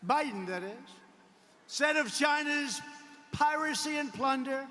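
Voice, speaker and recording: A man's voice: very high voice, moderate pace, pushed and bright. A man giving a political rally speech in an emphatic, repetitive way, with sarcastic asides. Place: large rally arena. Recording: long reverb from a large arena.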